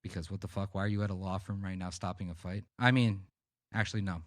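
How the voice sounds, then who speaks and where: A man's voice: low voice, fast talker, dry recording, clean studio sound. A man on a podcast telling a profane, rambling story in casual chat. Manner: rambling, profane, animated anecdotes. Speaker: podcast co-host.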